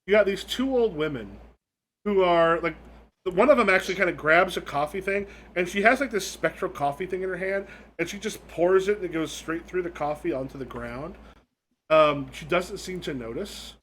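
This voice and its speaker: Brief: male game master, improvised, rambling with fillers, bright and raised-pitch voice. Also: normal speed, a little hiss or hum.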